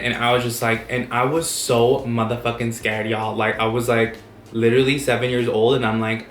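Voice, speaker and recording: A young man telling a story in a casual vlog, animated and profane, acting out the quotes. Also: medium pitch, normal speed, reverberant, slight background noise. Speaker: vlogger.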